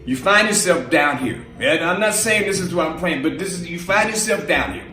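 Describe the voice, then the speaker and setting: A man's voice: a little high, lively intonation, normal speed, bright, forceful tone, recorded from a distance, soft background music. Chatty preacher man, echoey room. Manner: chatty, laughing, acts out voices in his stories. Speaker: minister. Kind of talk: casual sermon with storytelling. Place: live stream from a roomy space.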